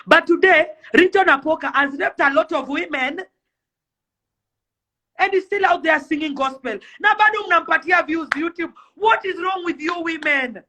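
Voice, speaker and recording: A woman's voice: very high-pitched, normal speed, pushed and bright. A young Kenyan woman delivering an impassioned rant to camera, pleading and fiery, firing off rhetorical questions. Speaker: celebrity influencer.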